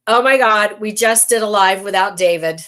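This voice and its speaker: A woman's voice: medium pitch, moderate pace, bright, forceful tone. A middle-aged woman hosts a casual craft livestream from home. She talks in a chatty, rambling way with frequent laughs and asides. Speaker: livestream host, bead weaver.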